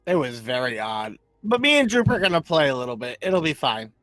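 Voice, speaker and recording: A man's voice: mid-range voice, brisk, no echo. Guy playing a tabletop game, cussing, bouncy voice, dry mic with faint music. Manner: brash, swearing, animated. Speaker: player. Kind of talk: in-character tabletop play.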